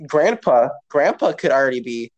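A man's voice: medium pitch, very animated, normal speed, dull audio. Casual male co-host, mid-range voice, rambling and profane, lots of fillers. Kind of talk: casual chat.

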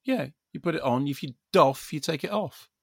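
Male film critic co-host, excitable, stumbling restarts, dead-dry cupboard sound. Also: fairly high pitch, moderate pace, gravelly, dry recording. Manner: enthusiastic, stammering restarts, laughs often. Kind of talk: casual chat. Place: shoe cupboard at home.

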